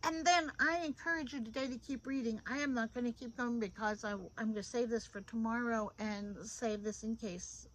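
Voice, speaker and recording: A middle-aged woman giving an informal devotional talk into a phone. She is animated and repeats phrases for emphasis. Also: fairly high pitch, moderate pace, hardly any pauses, slight background noise, rough recording. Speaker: devotional host.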